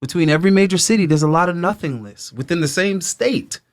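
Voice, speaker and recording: A man's voice: high-pitched, fast talker. Blunt New man in his forties. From Brooklyn, New York. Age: 40s. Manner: blunt, profane, acts out little dialogues. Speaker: podcast co-host. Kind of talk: casual podcast chat.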